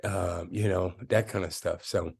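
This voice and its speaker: An older man of about seventy tells his story as an interview guest. His voice has a gravelly rasp, and he speaks emphatically and streetwise, often tossing in "right?" to the listener. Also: low-pitched, fairly even intonation, measured pace, a little mellow. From South Side of Chicago. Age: around 70. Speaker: guest, film director.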